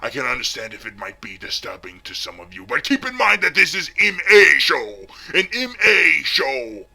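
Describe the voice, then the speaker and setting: A man playing a pompous, self-pitying heavyset villain who vlogs, talking theatrically and swinging between hushed whispers and shouts. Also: fairly high pitch, very animated, moderate pace, vocal fry, breathy edge, heavily acted. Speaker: comic villain vlogger. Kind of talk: parody character vlog.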